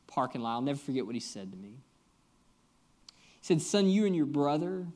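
A male pastor delivering a sermon in a slightly high, conversational voice. He tells a story earnestly, talks right to the congregation, and leans hard on emphasis by jumping in pitch and loudness.

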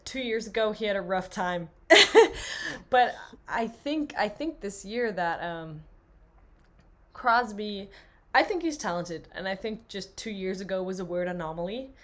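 A woman's voice: medium pitch, expressive, a little slow, a bit bright. A young woman co-hosting a casual sports podcast, chatty and enthusiastic, laughing often. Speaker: podcast co-host.

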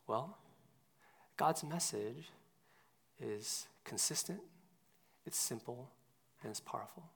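Male pastor, mid-pitched, gravelly texture, conversational sermon delivery with hushed dips and emphatic peaks. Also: expressive, a little slow, long pauses.

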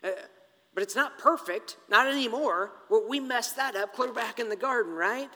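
A man preaching a sermon as pastor, dramatic, swinging from stressed words to hushed near-whispers and asking rhetorical questions. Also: extremely high pitch, moderate pace. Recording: long hall reverb, faint music behind.

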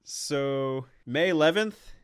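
A man's voice: fairly high pitch, slow pace, clean tone. Sarcastic young man co-hosting a podcast. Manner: joking, teasing, sarcastic. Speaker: podcast co-host. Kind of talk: casual podcast chat.

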